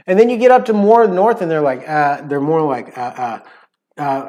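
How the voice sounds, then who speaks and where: A slightly high-voiced American man talks loosely on a cooking livestream. His chat wanders, packed with fillers, and he drops into quick playful imitations of accents. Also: expressive, warm tone. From United States. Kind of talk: casual chat.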